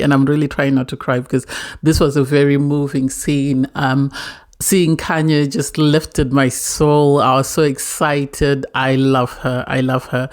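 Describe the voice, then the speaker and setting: A woman's voice: deep voice, darkish tone. A woman reviewing a reality TV episode in a casual, emotional way, often repeating herself as she talks. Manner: emotional, earnest, repeats words.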